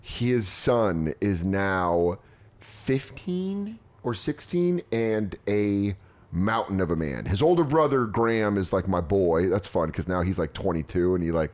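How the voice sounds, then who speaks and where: Low-voiced man telling crude jokes. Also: lively intonation, unhurried, darkish tone. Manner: crude, joking storyteller who acts out quotes in high voices. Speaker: podcast host. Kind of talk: casual chat.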